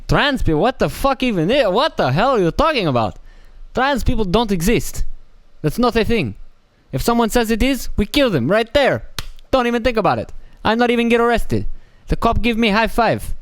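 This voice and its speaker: A man's voice: sits high, big pitch swings, moderate pace, no echo, voice pushed up. A man putting on a mocking voice of a boastful, intolerant foreign man who speaks in broken English. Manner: mocking, exaggerated broken grammar.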